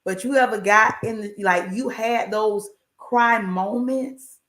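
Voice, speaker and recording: A woman's voice: mid-range voice, takes it slowly, a bit bright, echoey room. A woman giving an encouraging faith talk on a livestream, emphatic and repetitive, with a preacher-like cadence and folksy asides. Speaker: inspirational speaker.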